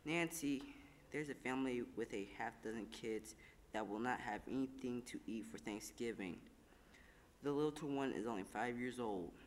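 A man voicing a kind, persuasive husband who gently pleads, in an echoing room. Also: medium pitch, normal speed, a little hiss or hum, close to an everyday voice. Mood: gentle pleading.

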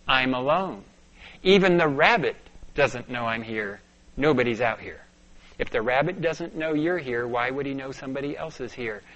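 Storytelling preacher, muffled lo-fi sound. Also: male voice, fairly high pitch, expressive, normal speed. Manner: storytelling, dropping to hushed tones and rising to urgent bursts. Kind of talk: sermon with personal story. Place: church sanctuary. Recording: dull lo-fi sound.

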